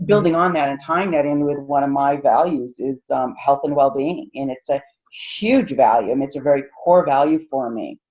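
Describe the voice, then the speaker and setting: A woman on a group call, speaking earnestly and thoughtfully, halting with fillers. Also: sits low. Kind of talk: casual sharing on a call. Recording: dull lo-fi call audio.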